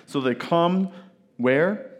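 A man preaching a sermon, retelling a scripture story in a casual, animated way with asides to his listeners. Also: a little high, extremely slow. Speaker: pastor.

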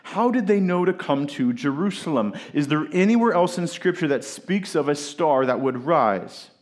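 A man preaching a sermon, retelling a scripture story in a casual, animated way with asides to his listeners. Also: fairly high pitch, moderate pace. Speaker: pastor.

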